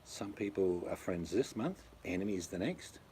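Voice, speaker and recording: Aussie bloke rambling on his stream, deep dark voice, bit of hiss behind. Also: lively intonation, moderate pace. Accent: Australian. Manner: rambling, blunt and chatty, addresses viewers by name. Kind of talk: casual chat.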